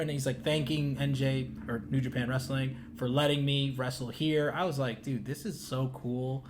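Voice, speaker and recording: A man's voice: mid-range voice, normal speed, few pauses. A man co-hosting a casual podcast, telling stories in a rambling, laid-back way full of fillers. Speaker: podcast co-host.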